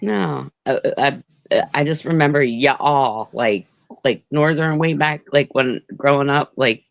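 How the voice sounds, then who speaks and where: A woman from Pennsylvania co-hosting a casual livestream chat, speaking haltingly and often repeating words. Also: a bass voice, gravelly, no echo, highs cut off.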